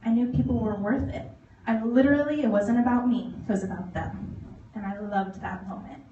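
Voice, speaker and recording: A woman in her thirties tells her personal story to a live audience, animated and quick to laugh as she acts out little voices. Her voice sits a bit high. She is heard from a distance in an echoey hall with faint noise underneath. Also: highs cut off. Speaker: motivational speaker. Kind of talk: testimonial talk to an audience. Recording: echoey hall recorded from far off.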